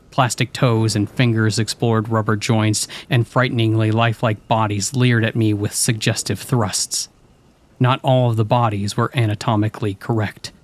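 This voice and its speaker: A man narrating a scripted horror story in a steady storytelling voice. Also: on the low side.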